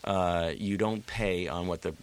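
Animated male political analyst. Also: low-pitched, a little slow, slight background noise. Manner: animated, storytelling with quoted voices. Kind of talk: radio talk show discussion.

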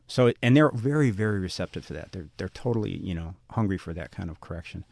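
A middle-aged man with a low voice talks fast in a radio interview. He muses and runs himself down, restarting his sentences as he thinks. His voice sounds dry and close to the mic. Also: lively intonation, creaky, darkish tone, dry recording. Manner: self-deprecating, musing, many restarts. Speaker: guest author.

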